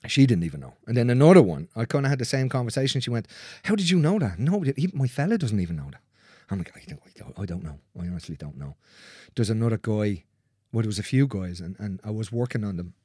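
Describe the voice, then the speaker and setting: A man's voice: mid-range voice, sing-song, fast, few pauses, mellow, breathy edge, dry recording, studio quality. Blunt, swearing male therapist. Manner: blunt, swears freely, acts out quoted voices. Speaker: manual therapist. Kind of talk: casual storytelling in conversation.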